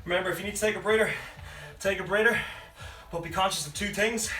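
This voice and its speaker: A fitness coach leads a live home workout, breathless as he counts down reps and calls out encouraging cues. His high voice is fast, pushed, and bright, captured by a distant mic in a roomy space with faint music.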